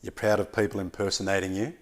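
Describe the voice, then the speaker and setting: A man's voice: lowish voice, level tone, quick pace. A man interviewing a guest, asking long, conversational and admiring questions.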